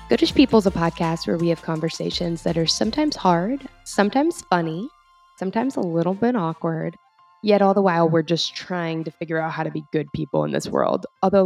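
A young woman co-hosts a podcast in a casual, upbeat chat that rambles and laughs along. Her voice sits slightly low with a gravelly fry. The recording is close and dry. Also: darkish tone, no room sound. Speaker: podcast co-host.

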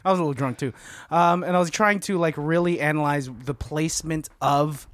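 A young man co-hosting a casual podcast, his voice sitting high for a man. He laughs a lot and slips into goofy voices. The sound is close and dry. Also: fairly quick, fairly bright tone, dry recording. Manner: laughs often, tries silly voices. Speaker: podcast co-host. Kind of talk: casual chat.

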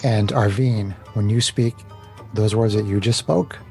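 A man's voice: fairly low pitch, measured pace, vocal fry, a little mellow, soft background music. A man narrating as game master of a tabletop game, often stumbling and repeating words.

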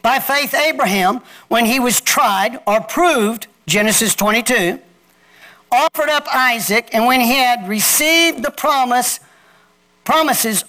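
His voice extremely high-pitched, pushed, and bright, a male pastor calls on his congregation to repeat after him as he preaches.

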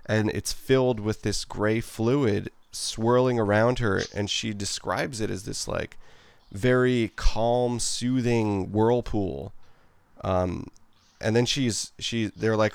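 A man talks through a casual podcast chat in a rambling way, full of "like" and "um" as he gathers his thoughts. His low voice sounds smooth and resonant, and the recording is dry and close. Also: steady tone, slow pace, dry recording. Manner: rambling, heavy on "like" and "um" fillers. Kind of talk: casual conversation.

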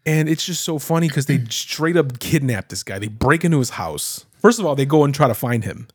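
A man co-hosting a podcast, recapping a show in casual chat, laughing often and acting out lines in animated voices. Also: medium pitch, brisk, husky, no echo, clean studio sound. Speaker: podcast co-host.

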